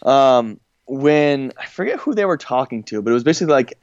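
A man's voice: mid-range voice, big pitch swings, fairly quick, darkish tone, dry recording. Joking man with a dull, dry sound. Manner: laughs often, joking, sarcastic asides. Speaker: podcast co-host. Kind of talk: casual chat.

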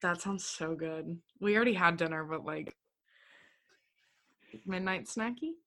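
A woman hosts a casual podcast chat with a bright, sunny tone. She gushes with enthusiasm and breaks into laughter often. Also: on the low side, unhurried. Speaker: podcast co-host.

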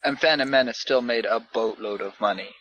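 Guy tossing in quick offhand comments, muffled lo-fi sound. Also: mid-range voice, fairly bright tone. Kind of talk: casual movie chat. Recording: dull lo-fi sound.

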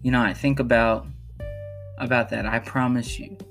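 A man's voice: mid-range voice, fairly even intonation, normal speed, vocal fry, a bit bright, faint music behind. A young man from Chicago hosting a podcast, telling a personal story in an earnest, emphatic way and repeating phrases for emphasis. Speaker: podcast host.

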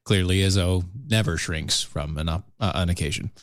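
A man co-hosting a radio show, teasing with deadpan asides in casual banter. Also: low-pitched, moderate pace, dry recording, studio quality.

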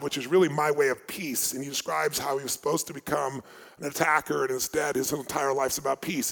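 A man giving a live motivational seminar, telling stories with emphatic delivery that swings between loud and hushed. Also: fairly high pitch, vocal fry. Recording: long hall reverb.

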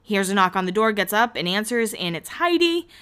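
Bright, gossipy woman recapping a show. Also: medium pitch, very animated, brisk, smooth. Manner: chatty, gossipy, swears freely. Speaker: vlogger recapping a reality show. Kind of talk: casual recap commentary.

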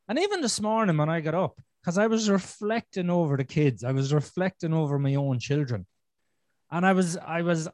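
Irish male podcast guest, slightly high voice, blunt and profane, dry close recording. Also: a little mellow, dry recording. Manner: blunt, heavy swearing. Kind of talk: casual conversation.

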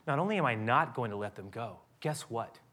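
A preacher playing a power-drunk Pharaoh who mutters low and seethes, then shouts orders with a bright, sharp edge. The king is a grown man, contemptuous and unbending. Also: animated, brisk. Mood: brooding. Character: angry adult male Pharaoh, drunk on power.

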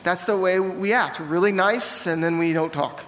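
Animated high-voiced preacher. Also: male voice, normal speed, long reverb tail, slight background noise. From American South. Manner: candid storytelling, animated and self-deprecating. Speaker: pastor. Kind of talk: sermon. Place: church hall.

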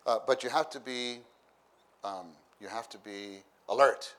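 At a church meeting, a man preaches in a medium-pitched, somewhat bright voice that runs a little slow. His talk is conversational: he repeats phrases, impersonates the people in his stories, and laughs in bursts.

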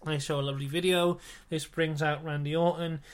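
A man's voice: on the high side, flat delivery, brisk. A man co-hosting a casual wrestling podcast, recapping matches bluntly and joking with his co-host. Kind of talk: casual chat.

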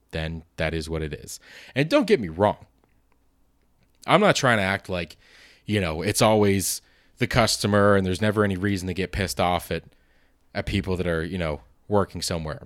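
Host type, late 20s man, lowish voice, loose profane rambling delivery, dry close sound. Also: no echo. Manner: rambling, profane, self-deprecating. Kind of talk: casual solo monologue.

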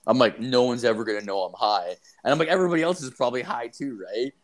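A man's voice: mid-range voice, fast. A man telling a story in casual chat, rambling and profane, full of "like" and "dude", acting out the lines he quotes. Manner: animated, acts out quoted lines.

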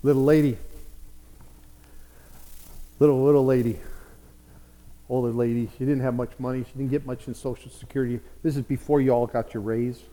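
A man preaching a sermon, telling a story with quiet asides and loud, emphatic passages. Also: medium pitch, fairly even intonation, normal speed, pauses often. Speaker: pastor. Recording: echoey church hall.

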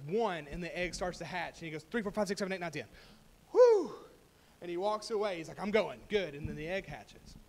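Man, preacher, high-pitched, storytelling sermon, emphatic swells. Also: fairly bright tone. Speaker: pastor.

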